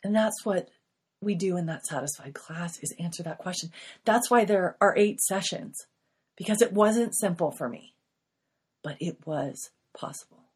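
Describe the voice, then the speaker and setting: A woman's voice: mid-range voice, normal speed, breathy edge. A middle-aged woman hosting a podcast, sharing an earnest, emotional Christian testimony in a confessional way. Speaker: podcast host. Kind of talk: personal faith testimony.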